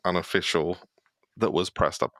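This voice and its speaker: A man's voice: low voice, normal speed, fairly bright tone, no echo. A man co-hosting a casual podcast interview, asking rambling questions full of fillers. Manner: loose, filler-heavy questioning. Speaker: podcast co-host.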